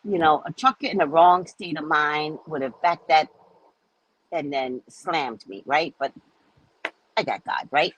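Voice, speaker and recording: Lively, husky-voiced woman telling stories. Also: lowish voice, normal speed, low-quality recording. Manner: animated rambling storyteller. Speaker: livestream host. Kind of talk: casual livestream chat.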